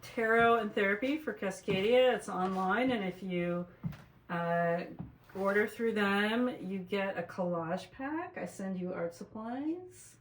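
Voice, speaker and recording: A woman who is a therapist and tarot reader, co-hosting in a calm, affirming way. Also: medium pitch, takes it slowly, a little hiss or hum. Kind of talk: casual chat. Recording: echoey room.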